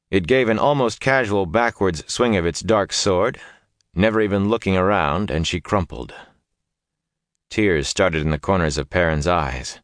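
A man with a very low voice narrates a fantasy story. His delivery is measured and dramatic, and the recording is dry and close. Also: dry recording. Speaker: audiobook narrator.

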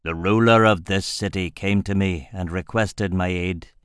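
A hulking shaman lord with a low, rumbling voice, as a male narrator puts him on. He speaks in a formal, menacing growl, deep and unhurried. The sound is dry and close, with no room around it. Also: steady tone, fairly bright tone, clear, resonant tone, no room sound.

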